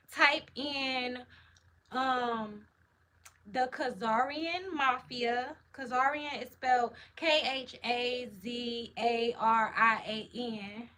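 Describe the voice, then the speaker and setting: Bright hyped-up woman streamer. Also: high voice, fairly even intonation, takes it slowly. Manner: hyped, slangy, chatty. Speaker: livestream host. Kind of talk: casual live chat answering comments.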